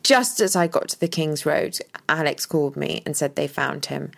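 A woman, co-hosting a podcast and telling a story in a lively, dramatic way, often stopping to restart her sentences. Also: deep voice, normal speed, vocal fry. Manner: animated, dramatic retelling with restarts. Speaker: podcast co-host. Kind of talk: casual storytelling chat.

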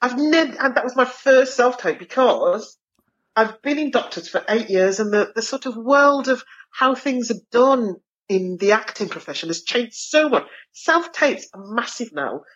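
A woman from Birmingham with a Brummie accent, chatting as an actor guest in an interview, telling lively stories. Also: on the high side, moderate pace, lo-fi sound. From Birmingham, England. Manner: lively, expressive storyteller who acts out voices. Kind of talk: casual interview chat.

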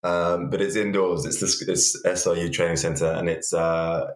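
Man, low voice, casual rugby co-host, jokey, echoey room. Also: moderate pace. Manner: relaxed and jokey, with many fillers. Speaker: podcast co-host.

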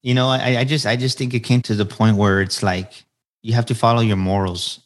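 A man's voice: lowish voice, fairly even intonation, a little fast. A man in his forties, a podcast guest, telling his story in an earnest, motivational way and repeating phrases for emphasis. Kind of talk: candid storytelling interview answers.

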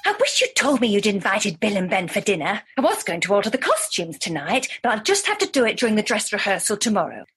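Fussy breathy helper, radio comedy. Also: female voice, medium pitch, sing-song, fast, hardly any pauses, fairly bright tone, heavily acted. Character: fussy, flustered woman helping run a show.

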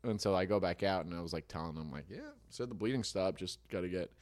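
A man's voice: low voice, quick pace, darkish tone. A man in casual chat, telling stories and acting out the people in them. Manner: acts out the people in his stories.

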